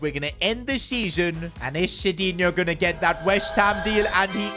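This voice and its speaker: A young man hosting a gaming channel, joking and excitable in casual game commentary as he talks straight to his viewers. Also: high voice, normal speed, music in the background.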